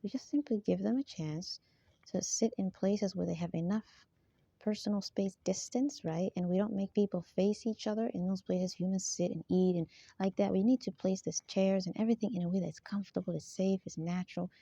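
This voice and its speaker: A woman's voice: medium pitch, fairly quick, gravelly, dark tone, breathy edge, no room sound. A woman in a rambling monologue who keeps asking for agreement and laughs between her points. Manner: rambling, repeatedly seeks agreement. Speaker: spiritual vlogger. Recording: dull lo-fi dry sound.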